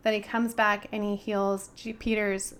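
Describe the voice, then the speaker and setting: A woman's voice: medium pitch, level tone, a little slow, a bit bright, clear, resonant tone. A woman co-hosting a casual bible study discussion, chatty and thinking aloud.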